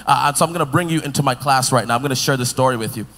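A man preaching a sermon, playfully retelling a children's story to the crowd in an animated, engaging way. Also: medium pitch, rapid-fire. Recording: long hall reverb.

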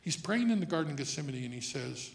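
Male pastor, casual teaching sermon, dynamic swings from soft to forceful. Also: fairly high pitch, very animated, quick pace, gravelly. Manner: conversational preaching, swings from quiet to loud emphatic.

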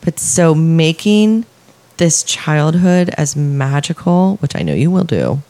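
A woman co-hosting a casual podcast, speaking in a gushing, affectionate way and sometimes reading passages aloud slowly. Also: sits low, sing-song, dark tone. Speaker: podcast co-host. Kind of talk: casual chat.

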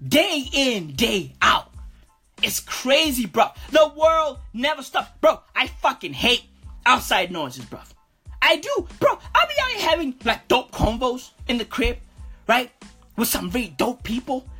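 A woman puts on a swaggering, foul-mouthed street bro for a comedy bit. His voice sits high and husky and swings wildly up and down as he brags in slang. Faint music plays behind him. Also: sing-song, unhurried, a bit bright, full character voice. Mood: boastful. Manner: cursing slangy bravado, constant "bruv". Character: swaggering profane male street bro, boastful. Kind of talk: comedic character monologue.

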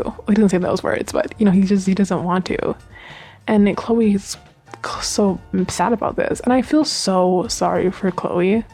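A woman's voice: mid-range voice, unhurried, mellow, slightly rough, soft background music. A young woman hosting a podcast in casual chat, rambling and gushing with lots of fillers, on a home mic. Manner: chatty and rambling, with many fillers and gushing asides. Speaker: podcast host recapping a TV series.

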